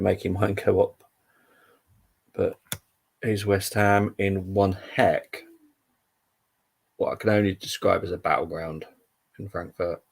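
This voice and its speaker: Deep, creaky, and a little mellow with a breathy edge, a young man's voice fronts a live football update stream. He chats loosely and rambles, leaning on plenty of filler words.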